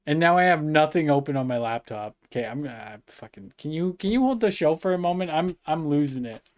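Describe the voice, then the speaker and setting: A young male streamer with a slightly high voice, cursing and exasperated as he complains out loud. His talk is loose and unscripted, full of slang and profanity. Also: lively intonation, fairly quick, hardly any pauses. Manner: frustrated, swearing a lot, exasperated. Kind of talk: casual live-stream chat.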